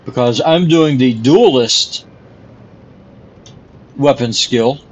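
A man's voice: mid-range voice, slow, slightly rough, poor audio. A man casually commenting on his gameplay stream while coughing often and apologizing for it. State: coughing repeatedly.

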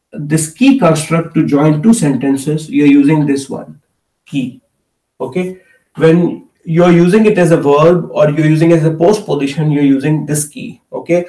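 A man teaches a live online Hindi class, explaining with many fillers and checking in with "okay" as he goes. His voice is a little high and warm, recorded at a distance in an echoey room.

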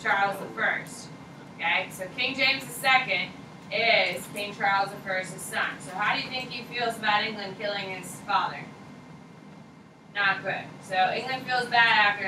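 A woman high school history teacher giving a casual, joking classroom lecture, repeating key points for students to write down. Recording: echoey classroom from far off, noisy.

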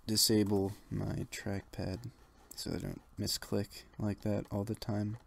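Slow, gravelly young man counting blocks. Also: on the low side. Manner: relaxed, counts blocks under his breath, rambling asides. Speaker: let's play builder. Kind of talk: casual gameplay commentary.

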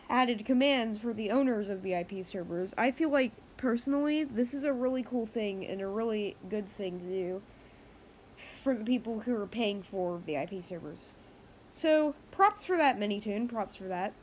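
A woman's voice: fairly high pitch, slight background noise. A woman hosting a casual gaming news roundup, chatty and rambling, often correcting herself mid-sentence.

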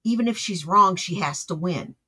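Husky-voiced commentator, blunt and exasperated reaction talk. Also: medium pitch, moderate pace, pushed and bright.

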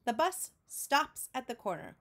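A woman teacher reading a picture book aloud to children in a slow, clear storytelling manner, making sound effects with her voice between lines. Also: fairly high pitch, very animated, fairly bright tone. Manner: adds vocal sound effects between narration.

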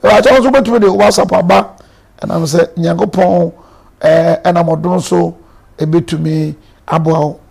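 A Ghanaian bishop gives earnest, emphatic marriage counsel on a live stream. His voice sits high and carries a gravelly edge. He moves between Twi and English as he talks. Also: fairly even intonation, a little slow, darkish tone.

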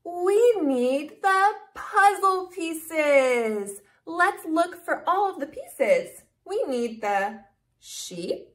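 Very high, slow sing-song toddler teacher woman. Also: very animated, fairly bright tone. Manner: exaggerated, encouraging, drawn-out words. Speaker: children's educational video host.

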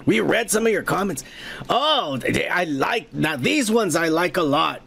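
A middle-aged man with a fairly high, gravelly voice hosts a podcast and reads out viewer comments. He talks in a loose, profane, joking way and breaks off to shout cheers to viewers. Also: lively intonation, unhurried, a little hiss or hum. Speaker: podcast host. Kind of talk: casual comment-reading chat.

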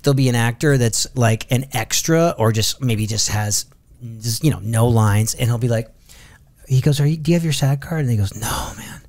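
This man hosts the show in a mid-pitched, everyday voice. He keeps the conversation moving with eager interjections and short enthusiastic reactions, relaxed and chatty throughout. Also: moderate pace. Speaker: podcast host. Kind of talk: casual chat.

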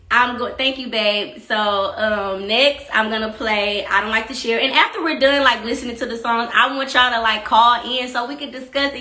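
A woman from Texas, chatting casually on her own stream with rambling asides and shout-outs to viewers. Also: on the high side, roomy sound. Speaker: singer hosting a live stream about her EP. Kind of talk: casual chat.

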